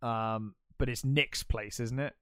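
A man co-hosting a casual film podcast, talking in halting bursts, repeating words and chuckling often. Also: mid-range voice, steady tone, a bit bright, clear, resonant tone, no echo, clean studio sound. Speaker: podcast co-host.

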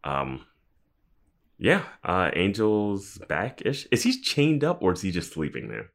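Very deep-voiced podcast co-host man. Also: wildly swooping pitch, measured pace, creaky. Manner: dry, joking, laid-back. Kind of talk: casual rewatch podcast chat.

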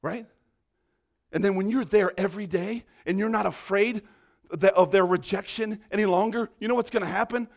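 High-voiced fervent male preacher. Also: normal speed, gravelly. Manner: fervent, swings from loud preaching to quiet prayer; peppers talk with "right?". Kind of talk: sermon.

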